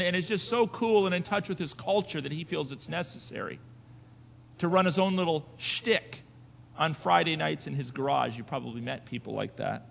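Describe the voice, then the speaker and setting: A male pastor preaching a sermon, moving between quiet conversational asides and loud emphatic declarations, with rhetorical questions to the congregation. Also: a little high, expressive, moderate pace, creaky, in a large hall.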